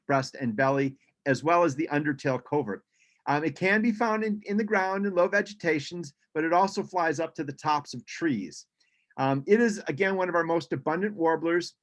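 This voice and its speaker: A man's voice: fairly high pitch, a bit bright. A man giving a casual birding presentation over a video call, chatty, with frequent ums and restarts.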